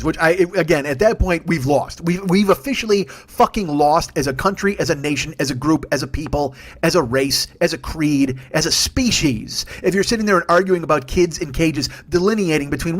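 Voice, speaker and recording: A man's voice: on the high side, a little fast, hardly any pauses. A man in his forties, a comedian hosting a podcast, ranting angrily and profanely while riffing. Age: 40s. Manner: angry, sweary, riffing.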